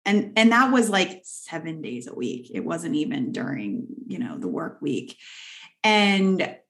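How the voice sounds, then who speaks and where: A woman guest in a conversational interview, telling her story in an earnest, animated way. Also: low voice, measured pace. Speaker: guest, leadership author.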